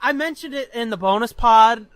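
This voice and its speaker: Young guy on a podcast, really bright voice, swears a lot and cracks himself up telling stories, dry close mic. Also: extremely high pitch, moderate pace, smooth, no echo. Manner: animated, profane storyteller who laughs often. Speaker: podcast co-host. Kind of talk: casual chat, storytelling.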